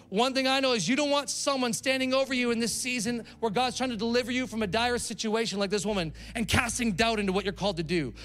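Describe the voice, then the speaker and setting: A man's voice: very high-pitched, fairly bright tone. A man preaching a sermon in a conversational way, calling out to the congregation. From Canada. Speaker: pastor.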